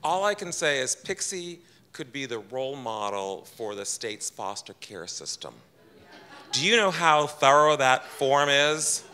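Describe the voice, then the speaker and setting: A man with a very bright, ringing voice tells a personal story to a live audience. He is chatty and self-deprecating, and he slips into quoted lines of dialogue in his own voice. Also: medium pitch, very animated, a little slow. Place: event room with audience.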